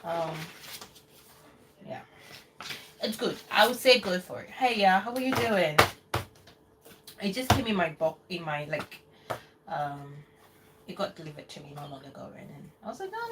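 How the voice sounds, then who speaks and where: A woman's voice: on the low side, normal speed, long pauses. A woman hosting a casual live cooking stream from her home kitchen in the UK, chatting loosely and rambling while she answers viewers. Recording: distant mic with noticeable background noise.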